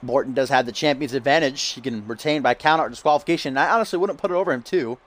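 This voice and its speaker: A man calls a wrestling match play-by-play, building hype with dramatic, drawn-out rhetorical questions. His voice is mid-range, and the audio quality is poor.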